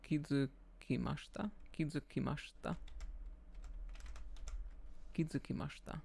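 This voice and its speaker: A man streaming his language study, slowly repeating verb forms and muttering to himself at a desk mic. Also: fairly high pitch, fairly even intonation, gravelly, darkish tone, breathy edge. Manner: slow, repetitive drilling of words, muttering to himself. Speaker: VTuber streamer studying Japanese.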